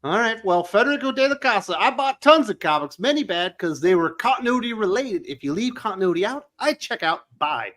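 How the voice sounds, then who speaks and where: A man hosting a live show, reading viewer comments aloud briskly. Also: high-pitched, expressive, a bit bright.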